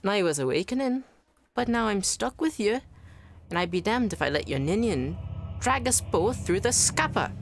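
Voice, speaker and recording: A crude, spiteful ancient soul snaps her taunts in an old-fashioned brogue, pitched up and loud, as a woman puts her on. Her talk is full of archaic words and scorn. The sound is close and dry. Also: very animated, normal speed, hardly any pauses, dry recording. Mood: taunting. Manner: taunting archaic speech with a put-on accent.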